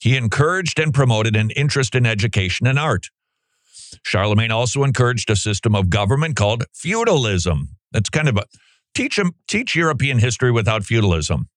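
A man's voice: medium pitch, sing-song, fairly quick, no echo, studio quality. A man giving sarcastic commentary, now and then mimicking a teacher.

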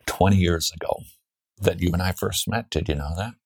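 A very deep male voice belongs to this radio host, who jokes and teases his guest in relaxed banter. He tells stories from his own past in a casual interview style. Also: a little fast, vocal fry, husky. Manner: joking, teasing banter.

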